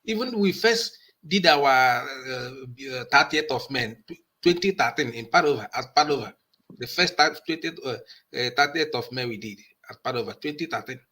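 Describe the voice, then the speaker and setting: A man talking as a guest on a talk show, stopping often on hesitant uh sounds between his points. His tone is bright and forceful, at an ordinary pitch. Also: animated. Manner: halting, full of uh pauses. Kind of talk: call-in discussion.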